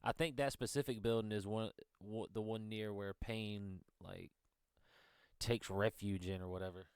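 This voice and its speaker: A man's voice: fairly low pitch, fairly even intonation, moderate pace, a little mellow, smooth, no echo, studio quality. A man co-hosting a casual gaming chat who laughs often and swears freely. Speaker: co-host.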